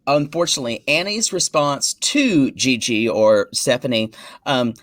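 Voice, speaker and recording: Catty male podcast co-host, animated delivery, dry close-mic sound. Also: medium pitch, no room sound. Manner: chatty and catty, quick asides. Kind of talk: casual podcast chat.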